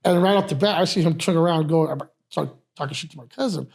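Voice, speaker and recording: A man who heads a security crew, telling club stories in a casual, profane, animated way. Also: on the high side, fast, creaky. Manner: profane, animated storyteller, repeats "you know what I mean". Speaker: guest, head of a security firm. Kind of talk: casual podcast storytelling.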